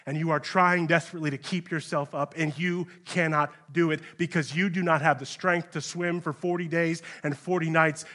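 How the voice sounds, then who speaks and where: Earnest man preaching a sermon. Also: a little high. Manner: earnest preaching with sharp swings between hushed and raised passages; direct address to listeners with rhetorical questions. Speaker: pastor. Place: church.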